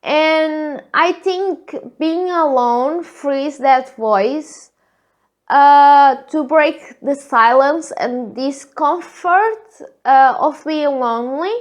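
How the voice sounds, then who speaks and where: Thin, squeaky woman with a Portuguese accent. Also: drawn-out words, highs cut off. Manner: hesitant, many filler "uh"s. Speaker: podcast host. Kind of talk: reflective solo podcast monologue.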